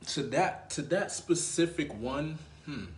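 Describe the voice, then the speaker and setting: Guy giving dating advice casually, thinking out loud, roomy echoey sound. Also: fairly high pitch, takes it slowly, slight background noise. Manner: thinks out loud, conversational, checks in with listener. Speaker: dating coach. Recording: roomy echo.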